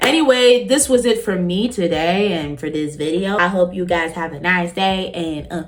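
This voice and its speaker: A woman's voice: on the low side, normal speed, faint music behind. A woman hosting a reaction vlog, talking casually to her viewers with teasing asides and frequent laughter. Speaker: reaction channel host. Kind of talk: casual commentary to camera.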